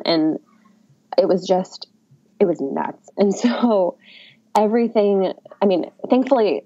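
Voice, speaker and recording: Gravelly, low-pitched woman telling her story. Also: dark tone. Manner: candid, chatty, wry and self-mocking. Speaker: podcast guest. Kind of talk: casual birth story telling. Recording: dull lo-fi audio.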